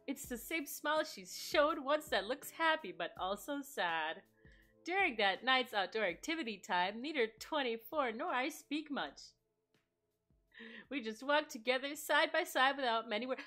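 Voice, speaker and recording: A woman streaming a game, reading its text and chatting in a playful, animated way. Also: high-pitched, measured pace, faint music behind.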